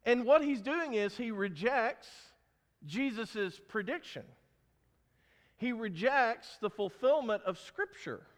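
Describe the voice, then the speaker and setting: High-voiced man preaching in an echoing hall. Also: lively intonation, slow pace. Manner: emphatic, asks the congregation questions. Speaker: pastor. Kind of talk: sermon.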